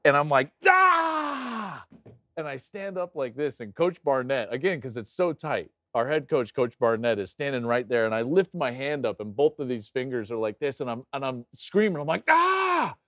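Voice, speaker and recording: Animated man hosting a game watch-along. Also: mid-range voice, a little fast, hardly any pauses, dry recording. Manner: animated, jumps into loud acted-out anecdotes. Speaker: host and game analyst. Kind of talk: excited watch-along commentary and storytelling.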